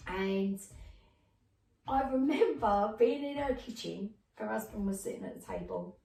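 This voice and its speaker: A middle-aged woman, chatting as a podcast guest and telling lively stories in which she acts out other people's voices. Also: mid-range voice, a little slow, creaky. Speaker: podcast guest, clairvoyant medium. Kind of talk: casual storytelling chat. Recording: roomy, distant mic.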